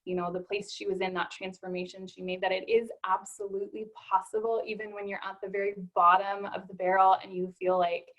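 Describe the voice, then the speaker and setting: A woman naturopathic doctor hosts a conversational interview, warm and encouraging and frequently stressing "absolutely." Her medium-pitched voice stays level and brisk with few pauses. The recording is rough.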